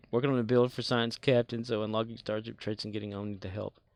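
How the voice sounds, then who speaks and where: A man's voice: medium pitch, level tone, brisk, a little mellow, no room sound. A man casually chatting while he streams a space game, laughing often and answering his chat.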